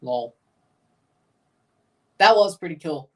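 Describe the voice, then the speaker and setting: A man's voice: a little high, lively intonation, slow, a bit bright, recorded from a distance. A man hosting a livestream, giving casual, offhand reaction commentary with muttered asides and casual swearing. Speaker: livestream host.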